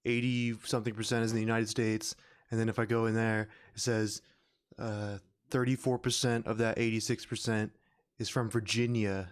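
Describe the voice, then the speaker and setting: A man's voice: on the low side, little pitch movement, moderate pace, smooth. A man hosting a podcast in casual chat, rambling and full of fillers, laughing often. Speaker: podcast host. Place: podcast recording room.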